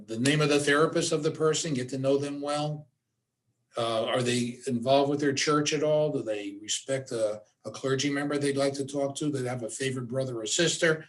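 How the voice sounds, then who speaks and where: A man's voice: mid-range voice, a little hiss or hum. A man teaching a suicide awareness workshop, giving direct instructions and repeating his key points for emphasis. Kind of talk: workshop presentation.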